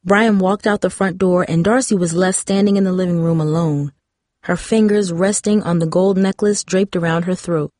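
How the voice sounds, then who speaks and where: A woman with a fairly low voice reads a novel aloud in a measured, even way. The recording is close and dry, with no room sound. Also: no room sound. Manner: measured reading, doing light voices for the characters. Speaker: audiobook narrator. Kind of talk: scripted narration of a novel.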